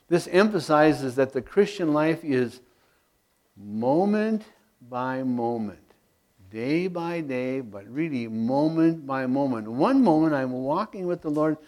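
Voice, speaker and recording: A man preaching as a pastor, reading scripture aloud and then explaining it in slow, plain words, clearing his throat now and then. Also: medium pitch, mellow. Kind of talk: sermon Bible teaching.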